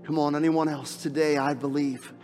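A man preaching an Easter sermon as pastor, emphatic, repeating key phrases and dropping to hushed tones. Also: fairly high pitch, flat delivery, normal speed, long reverb tail, over music. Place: church sanctuary.

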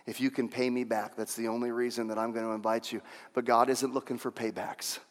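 A male pastor preaching a sermon, emphatic, repeating lines for effect and swinging from hushed to shouting. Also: medium pitch, little pitch movement, brisk, long reverb tail.

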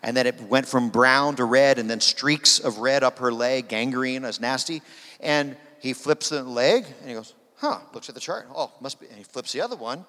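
A man preaching, telling a long story with lively quoted voices for each person. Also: medium pitch, normal speed. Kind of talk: sermon storytelling. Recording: long hall reverb.

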